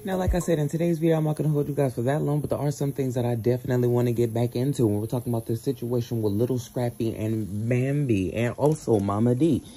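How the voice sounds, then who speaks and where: A man gives casual commentary for his channel, speaking straight to viewers. His voice is very dark and mellow, and he fills his talk with "you know.". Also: mid-range voice, fairly even intonation, fast, few pauses, soft background music. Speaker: YouTube commentator.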